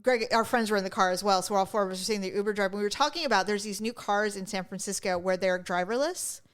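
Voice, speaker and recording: A woman co-hosting a podcast, telling funny stories in casual chat with her sister, full of jokes and quick asides. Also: mid-range voice. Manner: chatty storyteller, joking, quick asides. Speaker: podcast co-host.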